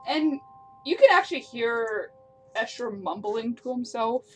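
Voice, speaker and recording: A woman's voice: fairly high pitch, lively intonation, unhurried, a little hiss or hum. A woman narrating as game master of a tabletop game, describing scenes and laughing along with her players.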